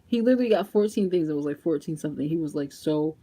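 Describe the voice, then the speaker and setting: A young beauty vlogger with a low-sitting voice talks fast and casually in a makeup vlog. She's animated, laughs often, and speaks straight to her viewers.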